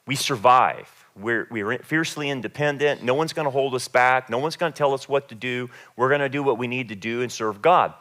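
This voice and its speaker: A man's voice: mid-range voice, a little fast, hardly any pauses, a bit bright. A man preaching a sermon as pastor, emphatic and repeating phrases for stress.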